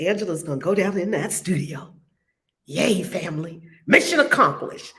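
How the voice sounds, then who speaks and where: A woman's voice: lowish voice, moderate pace, a little mellow. A woman hosting an online spiritual group, talking in an exuberant, exclamatory way. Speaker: host of spiritual study group. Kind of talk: lively online group call.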